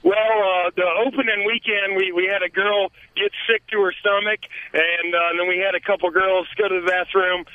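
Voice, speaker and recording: A man calling in by phone from a haunted attraction outdoors, his voice high and squeezed through a tinny phone line. He rambles with plenty of fillers and laughs between stories. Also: flat delivery, moderate pace, few pauses. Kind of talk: casual phone call to a radio show. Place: outdoors at a haunted trail in the woods.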